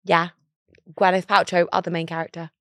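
A woman's voice: on the low side, little pitch movement, a little fast, fairly bright tone, no echo, studio quality. A young woman co-hosting a podcast, chatting and gushing about films. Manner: gushing, chatty, quotes films in silly voices. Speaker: podcast co-host. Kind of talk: casual chat.

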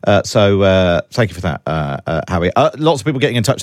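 A man's voice: low-pitched, sing-song, fast talker, no echo. A man hosting a radio talk show, hesitant and full of fillers. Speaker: radio presenter. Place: radio studio. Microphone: studio mic.

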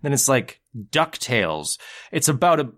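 A man's voice: medium pitch, moderate pace. A man co-hosting a casual comedy podcast, telling stories with energy and acting out other people's lines between laughs. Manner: animated storyteller who acts out quotes and laughs often. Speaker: podcast co-host.

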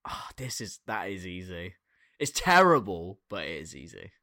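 Sweary male co-host, bright voice, lively swings in pitch. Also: normal speed, no room sound, clean studio sound. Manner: sweary, mocking, animated. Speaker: podcast co-host. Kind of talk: casual comedy banter.

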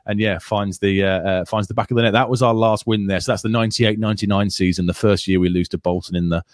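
A man's voice: lowish voice, steady tone, quick pace, dry recording, studio quality. A man with an English accent co-hosting a casual football podcast, chatty and full of stats. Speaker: podcast co-host.

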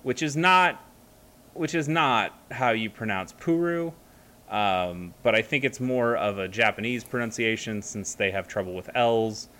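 Bright-voiced casual man rambling. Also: mid-range voice, animated, a little slow. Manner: rambling, with frequent fillers and restarts. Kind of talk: casual chat.

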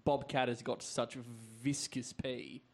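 A man's voice: mid-range voice, slow, creaky. A man co-hosting a comedy podcast, throwing in dry jokes and absurd theories. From Australia. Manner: dry, joking quips. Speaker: podcast co-host. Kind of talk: casual comedy banter.

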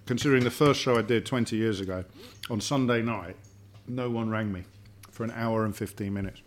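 A man's voice: fairly low pitch, fairly quick. A middle-aged man, chatting as a dinner guest and telling stories, often repeating words as he thinks. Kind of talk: casual dinner-table chat. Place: home dining room.

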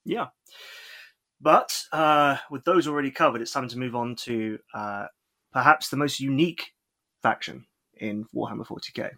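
Bright-voiced man co-hosting a podcast. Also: mid-range voice, moderate pace. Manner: chatty, with frequent fillers and restarts. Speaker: podcast co-host. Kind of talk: casual podcast chat.

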